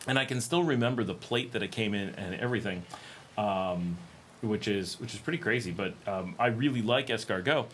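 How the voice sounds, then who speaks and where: A man's voice: on the low side, fairly quick, a bit bright, slight background noise. A middle-aged American man chatting casually on his livestream, rambling with many ums and restarts. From United States. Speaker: livestream host.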